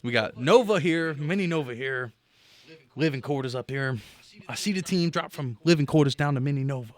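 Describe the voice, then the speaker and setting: A middle-aged man co-hosting a podcast casually tells a game story, swearing and making mouth sound effects. He speaks briskly at medium pitch.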